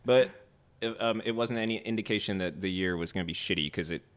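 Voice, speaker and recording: A young man co-hosting a casual chat, telling a party story and acting out the quotes loudly. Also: lowish voice, fast, clear, resonant tone. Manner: animated, acts out quotes loudly. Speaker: co-host.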